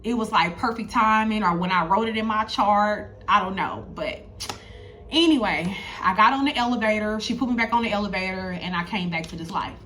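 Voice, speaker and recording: Woman, thirties, storytelling vlog, chatty, repeats herself, middle pitch, faint ambience. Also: brisk, pushed and bright, slight background noise. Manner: chatty, addresses viewers directly, repeats herself. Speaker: spiritual content creator.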